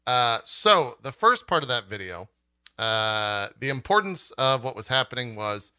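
A man hosting a casual podcast chat about video games, relaxed and laughing often. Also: mid-range voice, measured pace, clear, resonant tone. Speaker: podcast host.

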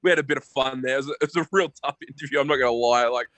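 Excitable man, dry sound. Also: mid-range voice, very fast, no echo. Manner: excitable, swearing, keeps addressing his co-host by name. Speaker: podcast co-host. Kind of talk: casual chat.

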